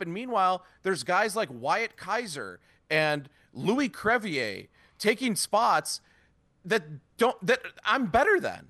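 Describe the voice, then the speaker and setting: Man, podcast co-host, lively ranting delivery, bright tense tone, dry close sound. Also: high voice, takes it slowly, no echo. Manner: blunt, ranting, profane. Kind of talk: casual sports podcast chat.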